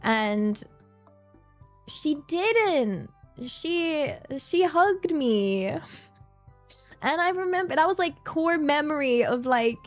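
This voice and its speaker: Woman streamer, slightly high voice, loose giggly chat with viewers, faint music underneath. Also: sing-song, slow pace, pauses often. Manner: chatty, giggly, reads out chat and thanks viewers; rambling, many fillers and restarts. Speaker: livestreamer.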